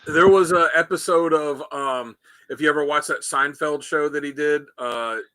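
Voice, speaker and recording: A man's voice: on the high side, normal speed, pushed and bright, clear, resonant tone, no echo. A man co-hosting a casual talk show, rambling through stories and acting out quotes. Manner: rambling, storytelling, acts out quotes. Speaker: podcast co-host. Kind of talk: casual chat.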